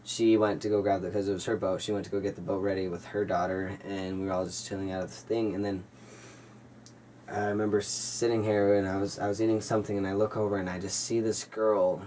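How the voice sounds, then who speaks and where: A young man tells a personal story in a low, fairly flat voice, rambling and earnest, full of fillers. He sits a little back from the mic, and a faint air-conditioning hum runs underneath. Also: fast talker, recorded from a distance, poor audio. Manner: rambling, filler-heavy, earnest retelling with acted-out quotes. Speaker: vlogger telling a personal story. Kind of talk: casual storytelling to camera.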